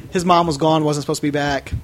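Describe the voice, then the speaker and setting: A man's voice: fairly high pitch, fairly bright tone, a little hiss or hum. A man co-hosting a podcast, telling crude stories in casual chat and laughing often. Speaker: podcast co-host.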